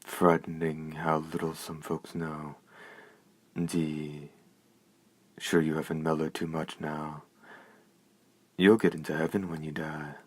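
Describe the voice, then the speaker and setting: Scared old granny warning folks, read by a man, deep and flat. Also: slow pace, long pauses, heavily acted. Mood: fearful. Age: older. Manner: fearful, grave. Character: frightened old village woman.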